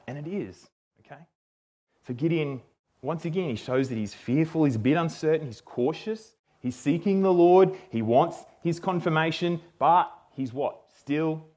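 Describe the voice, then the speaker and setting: A man teaching a Bible passage in a relaxed, conversational way, often checking in with "okay?". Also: on the high side, unhurried. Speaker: preacher.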